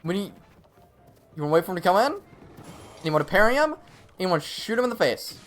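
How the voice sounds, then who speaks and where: Over soft background music, a young man streams a game and talks through tactics casually. His voice sits high and a bit bright, very animated and quick, and he keeps up a chatty flow full of laughter and fillers.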